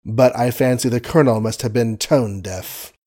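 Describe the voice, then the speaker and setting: Male audiobook narrator; measured, wry reading of period prose. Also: mid-range voice, darkish tone. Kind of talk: scripted narration.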